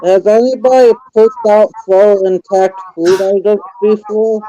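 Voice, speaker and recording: A man on a casual podcast chat, hesitant and halting with many fillers. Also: high voice, fairly even intonation, dark tone, poor audio.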